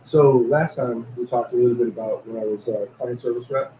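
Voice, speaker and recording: A man with a New York accent tells stories in a relaxed, mellow voice. The room is echoey and a faint hiss sits under him. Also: medium pitch, brisk. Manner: storytelling, animated anecdotes. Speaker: podcast co-host. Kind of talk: casual chat.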